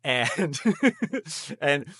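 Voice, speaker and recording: A man hosts an interview with eager, playful energy and jokes freely. His voice sits a bit high for a man. The recording is dry and close. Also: expressive, very slow, sharp tone, slightly rough, no echo. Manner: enthusiastic, playful, joking. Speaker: podcast host. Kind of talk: casual interview chat.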